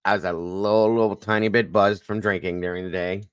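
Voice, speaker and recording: A man hosting a casual live stream, telling animated stories and swearing lightly. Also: deep voice, brisk, clean tone, dry recording.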